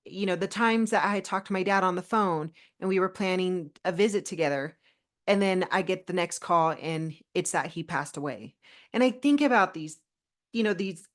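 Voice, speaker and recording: A middle-aged woman co-hosting a podcast, telling personal stories in a heartfelt, animated way with many restarts. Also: mid-range voice. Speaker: podcast co-host. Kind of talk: casual podcast chat.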